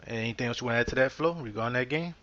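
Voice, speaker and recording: A man's voice: mid-range voice, racing, fairly bright tone, slight background noise. A man hosting a podcast in a casual, easygoing way, with many fillers. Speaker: podcast host. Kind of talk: casual sports talk. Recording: muffled lo-fi podcast audio.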